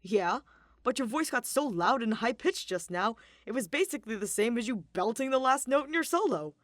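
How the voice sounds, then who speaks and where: A woman voicing a cheerful, hearty male stage manager, loud and upbeat, in a storybook reading. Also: on the high side, expressive, normal speed, no room sound, clean studio sound, voice pushed up, lightly acted.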